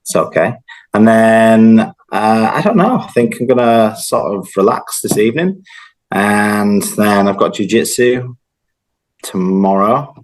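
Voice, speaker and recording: A man in his thirties from northern England chatting casually as a guest on a video call, relaxed and rambling with plenty of fillers. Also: lowish voice, a little slow, low-quality recording. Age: 30s. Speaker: guest, host's childhood friend. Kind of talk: casual chat.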